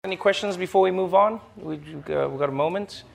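A man, a comedian host, answering audience questions in casual chat, animated and laughing with quick asides. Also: sits high, creaky, heavy background noise.

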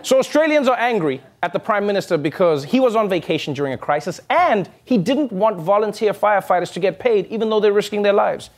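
A man's voice: sits high, a little fast, hardly any pauses. A man hosting a comedy news segment, delivering scripted jokes and laughing between punchlines. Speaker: comedy show host.

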